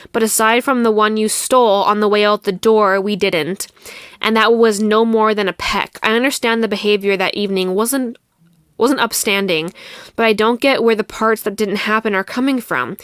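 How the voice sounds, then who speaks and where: A young woman hosts her own podcast, venting about a personal drama in a casual, heated monologue full of swearing. Her voice sits at an ordinary pitch and is recorded close and dry, with almost no room sound. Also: a bit bright, no echo. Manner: heated, profane, indignant retelling. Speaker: podcast host.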